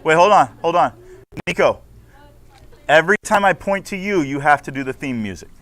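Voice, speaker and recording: A man's voice: on the high side, lively intonation, normal speed, fairly bright tone. A man teaching a school class, playful and joking with his students in a classroom. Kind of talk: classroom instruction.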